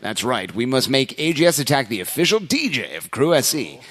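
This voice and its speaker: A man's voice: mid-range voice, big pitch swings, brisk, fairly bright tone. A man hosting a casual podcast who reads listener jokes aloud in a playful way and laughs often between lines. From United States. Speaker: podcast host.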